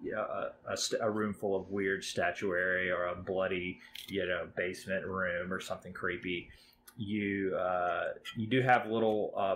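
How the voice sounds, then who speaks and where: Over a bit of background noise, a board game podcast host talks in a fairly low voice with some brightness to it. He's casual and eager, rambling along and leaning heavily on filler words.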